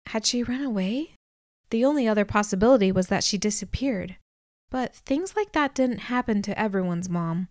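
A woman narrating a novel in the first person, telling it at a measured pace and lifting her voice for dialogue. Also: mid-range voice, a little mellow, no room sound, clean studio sound. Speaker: audiobook narrator.

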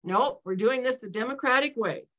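A woman's voice: a little high, fairly bright tone, voice pushed up. A woman doing a bossy male music teacher. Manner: firm, brisk, laying down the rules.

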